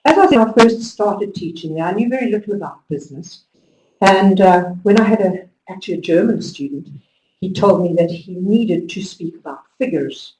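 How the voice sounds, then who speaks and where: A woman giving a conference talk to teachers, telling stories with lively emphasis and driving home instructions. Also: medium pitch, normal speed, slight background noise. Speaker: conference speaker. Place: conference hall. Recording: echoey hall, distant mic.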